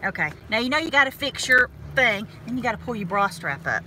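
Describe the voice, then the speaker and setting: Slightly high and lively, she speaks fairly quickly as she chats to her viewers from behind the wheel. The North Georgia Southern vlogger is folksy and makes fun of herself, filmed with a device clipped to the visor amid faint road noise.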